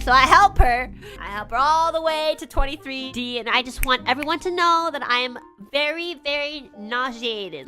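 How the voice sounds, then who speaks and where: Bright, animated young woman. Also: fairly high pitch, fairly quick, hardly any pauses, soft background music. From Canada. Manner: animated, swears a lot, acts out quoted lines. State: feeling nauseous. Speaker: streamer. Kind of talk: casual storytelling.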